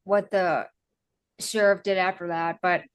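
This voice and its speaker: A young woman co-hosting a casual podcast, recapping a film in a halting way with restarts and lots of filler words. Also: lowish voice, level tone, clear, resonant tone. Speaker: podcast co-host. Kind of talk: casual movie recap chat.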